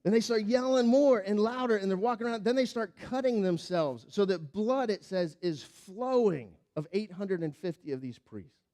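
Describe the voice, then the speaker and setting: Speaking at a moderate pace in a high-sitting voice, a pastor recounts a Bible story during his sermon. He performs the characters vividly with dramatic changes in loudness before softening into a quiet, earnest tone for the application.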